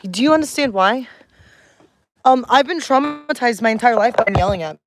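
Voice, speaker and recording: A woman's voice: fairly high pitch, lively intonation, moderate pace. A woman in her thirties livestreaming from home at night, talking bluntly and heatedly with lots of swearing, and cooing baby talk to her dog. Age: 30s. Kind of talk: casual livestream rant.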